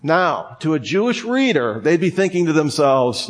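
A man's voice: fairly high pitch, very animated, normal speed. Man preaching a conversational sermon. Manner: conversational, joking asides. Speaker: pastor.

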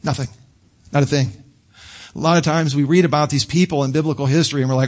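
A male pastor preaching a sermon in a conversational, animated way. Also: on the high side, fast talker. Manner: conversational and animated, acting out quotes with laughs.

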